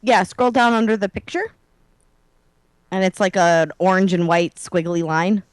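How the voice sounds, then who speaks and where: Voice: medium pitch, steady tone, unhurried, clear, resonant tone, dry recording. Sarcastic talk-show co-host. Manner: dry sarcastic delivery. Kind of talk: casual joking chat.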